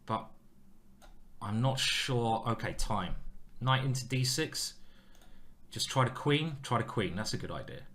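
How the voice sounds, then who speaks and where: A man streaming his own blitz chess games and talking through every move. His bright, forward voice jumps between quiet muttering and excited teasing of his opponent. His commentary is playful and self-mocking throughout. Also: medium pitch, unhurried, long pauses. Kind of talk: live game commentary.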